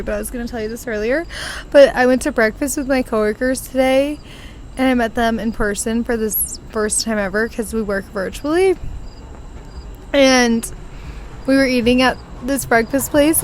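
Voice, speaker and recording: Young woman, podcast host, giggly chatty storyteller, bit high voice, faint outdoor noise on a porch. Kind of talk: casual chat.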